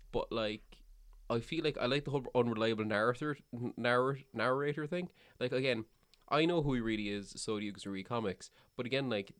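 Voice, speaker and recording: A man with a Cork Irish accent, chatting casually as a podcast co-host and rambling through many fillers and restarts. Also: mid-range voice. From Ireland. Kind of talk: casual chat.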